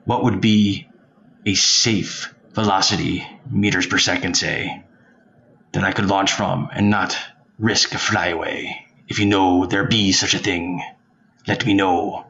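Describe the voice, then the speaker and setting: A man's voice: deep voice, fairly even intonation, unhurried, long pauses, bright, forceful tone, exaggerated voice. A man voicing a blustery pirate captain, growling his words with lots of arrs, on a dull home recording. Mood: gruff. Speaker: listener asking a question.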